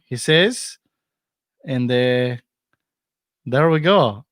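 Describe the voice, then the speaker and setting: A man's voice: medium pitch, very slow, long pauses, fairly bright tone, smooth, no echo, studio quality. Playful joking man hosting a stream. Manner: playful, joking, laughs often. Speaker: host. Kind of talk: casual live-stream comedy chat.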